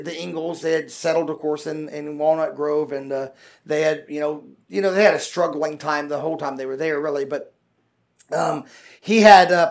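A man preaching a conversational sermon as a pastor. He talks haltingly with many fillers and restarts, and builds to louder, emphatic points. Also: on the high side, gravelly.

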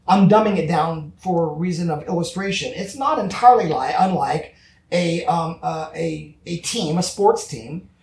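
Pastor, conversational sermon, emphatic, mid-pitched voice, roomy echo, distant mic. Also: darkish tone. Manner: earnest, emphatic, chats back with congregation. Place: church. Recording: echoey church from far off.

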